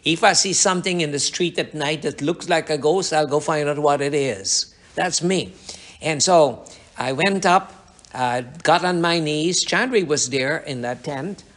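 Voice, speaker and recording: A man's voice: on the high side, measured pace, fairly bright tone. A man preaching a sermon, telling a rambling personal testimony with repetitions and restarts. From Guyana. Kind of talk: sermon storytelling.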